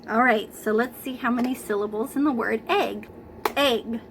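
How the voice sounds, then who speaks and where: A woman teaching a remote preschool lesson, talking gently and coaxingly to young children through her camera at home. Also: a little high, measured pace, a little hiss or hum, low-quality recording. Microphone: computer camera mic.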